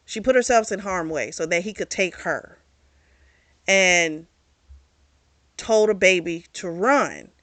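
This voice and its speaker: Casting note: woman book-club host, bright lively delivery, casual and blunt, dry close sound. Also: medium pitch, dry recording. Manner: animated, swears freely, quotes characters.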